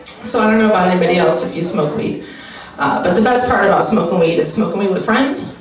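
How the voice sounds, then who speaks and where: A woman's voice: lowish voice, quick pace. A woman putting on the voice of a pushy skincare advertiser in a stand-up bit. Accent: American. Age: 30s. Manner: brash, profane, conversational storytelling. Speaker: stand-up comic. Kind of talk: stand-up comedy set. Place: live comedy venue with audience. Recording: echoey room recorded from far off, crowd noise.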